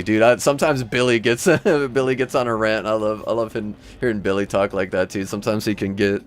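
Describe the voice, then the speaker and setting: A man's voice: fairly low pitch, moderate pace, soft background music. A man from Michigan with a Midwestern accent, hosting a livestream and chatting casually with viewers, rambling and laughing often. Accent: Midwestern American. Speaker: livestream host.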